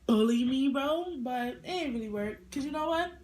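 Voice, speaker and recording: A young woman vlogger telling a casual storytime, animated and full of attitude as she acts out quotes. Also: sits high, moderate pace. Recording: echoey room.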